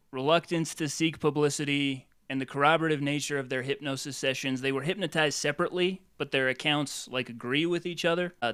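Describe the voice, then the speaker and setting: Casual man, slightly high and dry. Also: a bit bright, smooth, dry recording. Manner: laughs often, sums up the book. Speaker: podcast co-host. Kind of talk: casual book-club chat.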